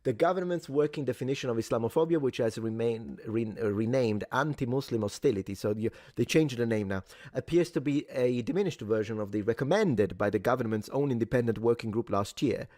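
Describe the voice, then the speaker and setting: A man's voice: medium pitch, brisk, hardly any pauses, a little mellow, dry recording, studio quality. A man co-hosting a talk show, reading news passages aloud and adding opinionated, indignant commentary. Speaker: co-host.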